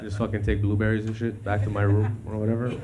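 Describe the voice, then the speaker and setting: Male stand-up, high, loose, profane; low voice, noisy live room. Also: monotone, quick pace, highs cut off. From Canada. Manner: laid-back, swears a lot, laughs at own jokes. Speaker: stand-up comedian. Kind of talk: stand-up comedy. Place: live comedy stage. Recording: live venue with audience noise.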